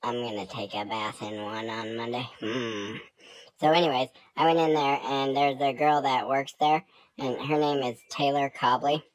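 A woman telling a joking story straight to camera in a deadpan, playful way. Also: rumbling low, moderate pace, dry recording, poor audio. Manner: deadpan, jokey. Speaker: vlogger. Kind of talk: comic monologue to camera.

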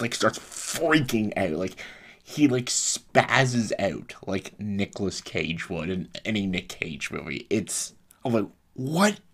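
A man's voice: fairly low pitch, fairly bright tone. A young man giving a casual spoken film review, exasperated and laughing often, full of fillers and quoted disbelief. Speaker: movie reviewer.

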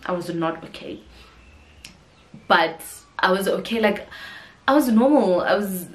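A woman's voice: mid-range voice, lively intonation, unhurried. A young woman in her twenties with a South African accent, chatting casually to camera and often saying "guys" and "yo". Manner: chatty, says yo and guys a lot. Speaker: vlogger. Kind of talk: casual chat. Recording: echoey room.

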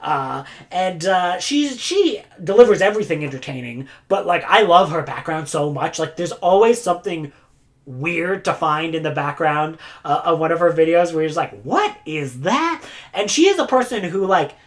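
A woman's voice: sits low, lively intonation, moderate pace. Chatty, rambling woman vlogger. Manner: chatty, rambling, many "like" fillers; laughs often between phrases. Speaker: booktuber giving community awards. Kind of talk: casual chat to camera.

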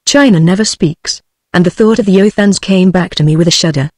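A text-to-speech woman's voice with a British English accent, reading a book aloud in an even, synthetic manner. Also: on the low side, a little fast, no room sound, clean studio sound. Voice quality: synthetic, evenly paced. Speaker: audiobook narrator.

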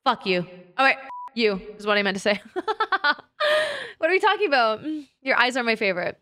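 A woman's voice: a little high, sing-song, brisk, fairly bright tone, no room sound, studio quality. A woman streaming as a VTuber in casual chat, swearing freely and breaking into laughter often. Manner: profane and giggly, swears often and laughs a lot.

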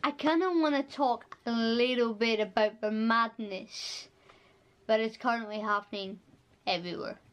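A woman's voice: fairly high pitch, moderate pace, smooth. A Scottish woman chatting casually in a home vlog, giggling often and bluntly teasing her dogs. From Scotland. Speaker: vlogger.

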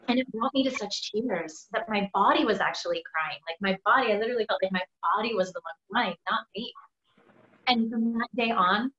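A woman's voice: medium pitch, a bit bright, slight background noise. A woman chiropractor giving a webinar talk, telling her own story in a candid, emphatic way and swearing freely, over a video call. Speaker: webinar guest speaker, chiropractor. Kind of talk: personal story told on a webinar. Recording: echoey, dull video-call audio.

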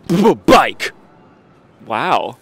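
A man's voice: medium pitch, sing-song, extremely slow. A man interviewing a young child outdoors in the snow, asking playful, teasing questions and reacting with exaggerated surprise.

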